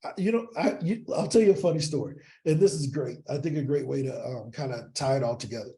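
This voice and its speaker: Gravelly-voiced man telling lively stories. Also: mid-range voice, fast. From East St. Louis, Illinois. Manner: animated storyteller, keeps asking "right?". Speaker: podcast guest, sales coach. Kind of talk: casual interview storytelling.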